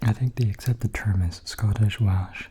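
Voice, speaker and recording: A man in a whispered role-play, softly rambling between bites of food into a close microphone. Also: lowish voice, fairly even intonation, normal speed, a little hiss or hum. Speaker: ASMR creator.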